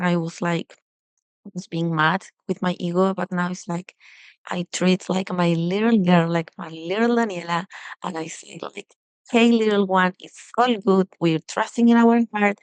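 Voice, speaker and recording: A woman yoga teacher giving a casual self-love talk with guided breathing, speaking softly and gently with frequent fillers and restarts. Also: fairly low pitch, dry recording, rough recording.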